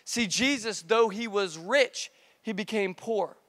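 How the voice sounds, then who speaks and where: A man preaching a casual youth sermon as pastor, energetic and joking, recorded live in a church. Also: high-pitched, slow pace. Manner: energetic, playful, joking with repeated slang. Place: church auditorium, live service. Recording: long reverb of a church hall.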